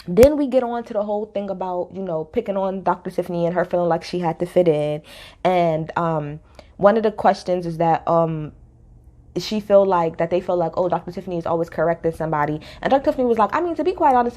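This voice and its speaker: A woman's voice: lowish voice, fairly quick, mellow. A woman giving casual, opinionated commentary in a reality TV recap, talking bluntly and with sass, repeating her points for emphasis.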